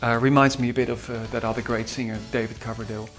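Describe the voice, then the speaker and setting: In an interview, a Dutch composer from the Netherlands looks back on his singers, speaking hesitantly with many fillers and restarts. His mid-range, fairly bright voice moves quickly with little change in pitch, and faint guitar music plays in the background.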